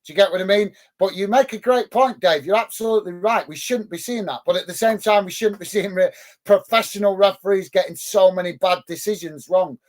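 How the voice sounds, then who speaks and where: A man with a high-pitched voice, speaking a little fast, hosts a live football watch-along, calling the play and upbeatly thanking chat viewers by name. He's on a close headset mic, mixing live match commentary with chat reading.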